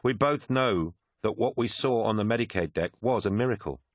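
A man's voice: on the low side, moderate pace, dry recording, studio quality, pitched above the performer's own voice, close to an everyday voice. A man voicing an earnest, devout male war machine pilot who speaks with stubborn zeal in an audiobook. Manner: stubborn, zealous. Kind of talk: audiobook character voice.

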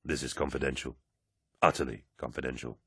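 A man voicing a giant male warrior, speaking gravely and in a measured, low way, as an audiobook character voice. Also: steady tone, fairly bright tone, no room sound, studio quality, exaggerated voice.

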